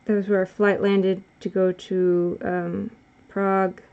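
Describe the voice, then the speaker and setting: A woman's voice: mid-range voice, little pitch movement, takes it slowly, narrow, tinny audio. A woman vlogger chatting casually while she draws, rambling and correcting herself as she goes. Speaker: art vlogger. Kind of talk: casual chat while drawing.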